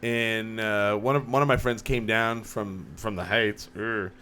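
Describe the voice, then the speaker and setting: A man's voice: on the low side, unhurried, a little hiss or hum. A man talking casually on a podcast in a small studio. He tells stories with energy and acts out what other people said. He uses a mid-range voice. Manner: animated storyteller, acts out quotes. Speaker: podcast co-host. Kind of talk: casual chat.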